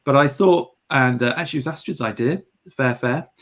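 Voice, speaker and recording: A British man hosts a photography livestream, chatting casually and greeting viewers with light humour. His mid-range voice is a bit bright and a little fast.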